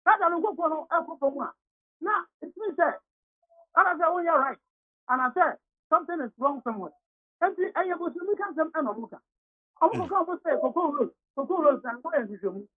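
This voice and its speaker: A woman's voice: high-pitched, lively intonation, moderate pace. A woman with a Ghanaian accent giving argumentative political commentary on a radio talk show, rattling off figures as she switches between Twi and English. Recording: tinny phone-line radio audio.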